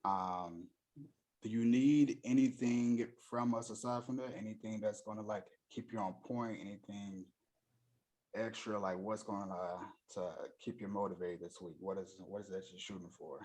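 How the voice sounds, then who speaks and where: A man's voice: lowish voice, fairly even intonation, moderate pace, dark tone. A male nutrition coach on a video call, upbeat and encouraging, checking in on his client's plan. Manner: upbeat, encouraging, wraps up with "okay, cool".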